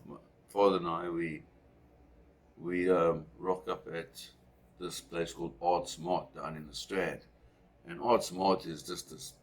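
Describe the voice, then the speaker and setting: A man from South Africa telling a personal story in a rambling, conversational way with asides. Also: deep voice.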